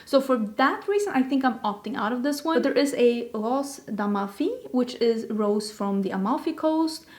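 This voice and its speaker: A woman's voice: a little high, animated, moderate pace, hardly any pauses. A woman hosting a casual beauty vlog, chatty and rambling, with self-deprecating asides. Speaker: beauty vlogger host. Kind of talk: casual chat.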